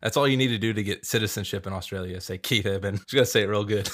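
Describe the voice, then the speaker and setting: A man's voice: lowish voice, racing. A man guesting on a podcast, chatting casually, laughing often and joking about himself. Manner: laughs often, self-deprecating. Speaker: guest musician.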